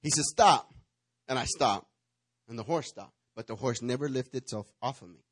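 A man's voice: mid-range voice, fairly quick. A man preaching a sermon, telling a playful, dramatic story and acting out the parts. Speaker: pastor.

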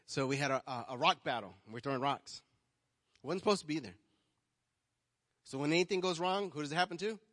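A male pastor preaching a sermon, telling personal stories and swinging between soft asides and loud, emphatic calls to the congregation. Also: fairly high pitch, fairly quick, long pauses. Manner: storytelling, swings from quiet to loud. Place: church hall. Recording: long hall reverb.

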